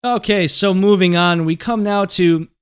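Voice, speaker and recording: Smooth-voiced man talking casually. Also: high voice, unhurried, a bit bright. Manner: rambling, filler-heavy and profane, often laughing. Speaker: crypto news show host. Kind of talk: casual commentary and storytelling.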